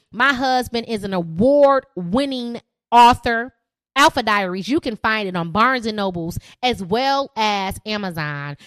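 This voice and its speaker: A woman's voice: on the high side, a bit bright, no echo. A woman, hosting a live podcast and ranting in an emphatic, preachy, repetitive way. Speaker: podcast host.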